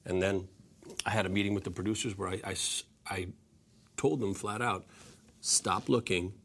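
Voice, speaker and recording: A man's voice: deep voice, steady tone, a little fast, fairly bright tone, slight background noise. A man in his forties, an actor guest answering interview questions, self-deprecating and hesitant with many restarts.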